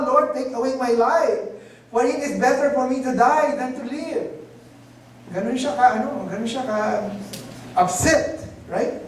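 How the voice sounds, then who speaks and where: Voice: mid-range voice, darkish tone. A pastor delivers a sermon, often asking his listeners rhetorical questions and slipping Tagalog phrases into his English. The voice rings through a very echoey hall. It is picked up from a distance, with a faint ambient hum underneath. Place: church hall.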